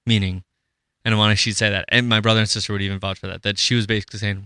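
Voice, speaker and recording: A man's voice: fairly low pitch, little pitch movement, very fast, pushed and bright, clear, resonant tone, no room sound, clean studio sound. A man from Minnesota hosting a podcast in casual, rambling chat. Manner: rambling, restarts, acts out quoted voices. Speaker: podcast host.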